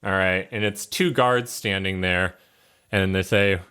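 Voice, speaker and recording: Low-voiced guy running the game, laid back, lots of ums and likes. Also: a little slow, clear, resonant tone. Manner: relaxed, hesitant with fillers. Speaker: game master. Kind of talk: narrating a tabletop game.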